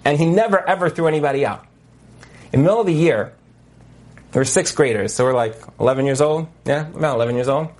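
A man teaching as a marriage coach in a lecture over a video call, telling stories with lively asides and many fillers. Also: on the high side, quick pace. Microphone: video call mic.

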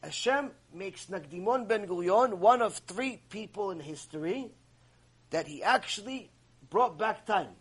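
A man teaching a religious lecture, telling a story in an animated way and acting out its characters. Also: high voice, a little slow, husky, rough recording.

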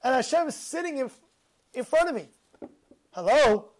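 This religious speaker has a very high voice and keeps a moderate pace through his informal talk. Animated and full of rhetorical questions, he frequently repeats himself and starts phrases over.

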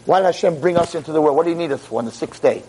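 A man with a high voice preaches to his audience with lots of animation, acting out little dialogues and moving between loud bursts and soft, intimate talk. Faint background noise and room ambience sit under him. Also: racing, low-quality recording. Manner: expressive, acts out voices, swings from loud exclamations to soft talk. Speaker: rabbi lecturer. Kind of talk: animated sermon.

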